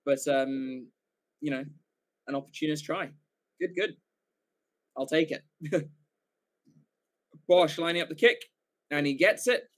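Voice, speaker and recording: A man giving live fan commentary for a watchalong stream, excitable, swearing casually and often correcting himself mid-call. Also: on the high side, slow, long pauses.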